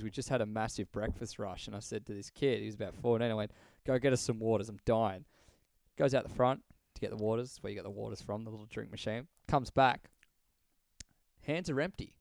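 A man's voice: fairly low pitch, gravelly, no echo. A young Australian man co-hosting a podcast, telling a rambling story in casual chat and swearing freely. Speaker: podcast co-host.

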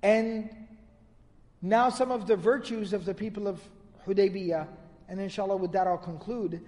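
A man's voice: high voice, fairly even intonation, moderate pace, mellow, long reverb tail. A man giving a religious lecture, retelling narrations in a storytelling manner and quoting Arabic. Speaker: Islamic lecturer.

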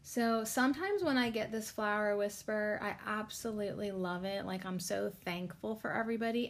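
A woman hosting a podcast and reading cards, rambling casually with lots of filler words and spiritual talk, sounding tired and low on energy.

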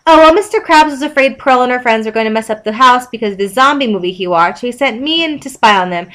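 A cheerful, naive cartoon sea sponge, voiced by a woman reading a story aloud. He chirps along high and eager in a sing-song lilt. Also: animated, quick pace, sharp tone. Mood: chirpy. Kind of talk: reading fan fiction aloud.

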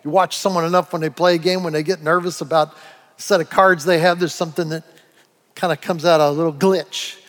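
A man preaching a sermon, animated, acting out quoted voices and asides. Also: a little high, a little fast. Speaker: pastor. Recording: long hall reverb.

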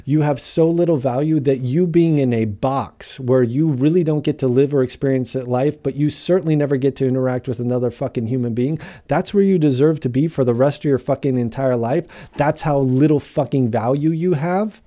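A man's voice: medium pitch, fairly quick, few pauses, mellow. A man speaking candidly about his own recovery, raw and heavily profane, rambling and repeating himself for emphasis. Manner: rambling, repeats and restarts phrases. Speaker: motivational speaker sharing his recovery story. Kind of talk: candid personal monologue.

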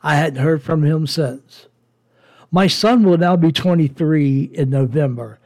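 A man's voice: a little high, measured pace, a little mellow. A man in his forties hosting a podcast, telling a personal story as a profane, heated rant. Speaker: podcast host.

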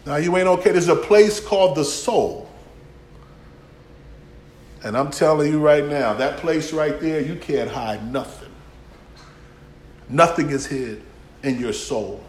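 A man preaching a folksy sermon, swinging from shouts to near-whispers. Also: on the high side, animated, takes it slowly, pauses often, reverberant. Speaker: pastor.

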